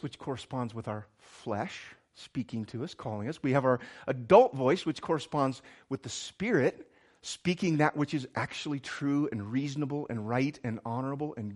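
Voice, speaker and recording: A man preaching a sermon as a pastor, earnest, swinging from emphatic lines to hushed, quiet ones. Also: medium pitch.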